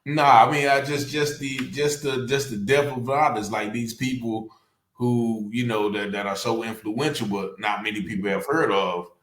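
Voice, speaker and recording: A man's voice: medium pitch, fairly even intonation, moderate pace, fairly bright tone, slight background noise. A man hosting a talk show, hesitant and repeating words as he searches for them. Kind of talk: casual conversational interview. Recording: roomy echo.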